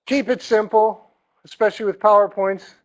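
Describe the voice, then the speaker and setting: A man teaching a recorded lecture to no live audience. He talks conversationally, repeats his points, and often clears his throat and says "um". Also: sits high, steady tone, moderate pace, rough recording. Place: room without an audience.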